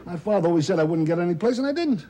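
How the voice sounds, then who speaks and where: An actor playing a loud, wisecracking, self-pitying middle-aged talent agent in a 1970s television drama. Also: male voice, sits high, lively intonation, racing. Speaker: theatrical agent.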